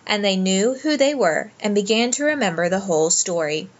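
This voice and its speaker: A woman reads a children's storybook aloud in a gentle, measured way. Her voice sits at a middle pitch and sounds slightly muffled, as if recorded with dull audio. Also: animated. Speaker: audiobook narrator.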